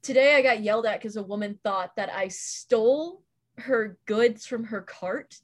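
A woman with a somewhat high voice chats easily as a podcast host. She tells a story in a lively way and slips into the quoted lines as she goes. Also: moderate pace. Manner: chatty storyteller, acts out quoted dialogue. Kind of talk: casual chat.

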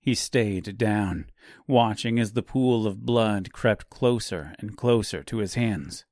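Slow, measured male audiobook narrator. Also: fairly low pitch, darkish tone, no echo, studio quality. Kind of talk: dark fantasy audiobook narration.

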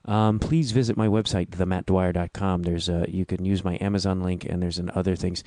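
A man with a Midwestern Chicago accent speaks low and deep into a podcast mic. The room sounds completely dry. He talks slowly and thoughtfully, often stopping to restart a sentence. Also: fairly even intonation, mellow, no room sound. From Midwestern United States. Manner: halting and reflective, with frequent restarts. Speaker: podcast host. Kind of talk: casual solo podcast intro.

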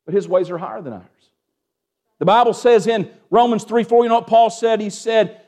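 A man preaching a sermon as pastor, asking the congregation for amens and dropping from raised, urgent lines to hushed ones. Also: sits high, fairly quick. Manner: Southern-tinged preaching with call-and-response "amen?", swings from hushed to raised.

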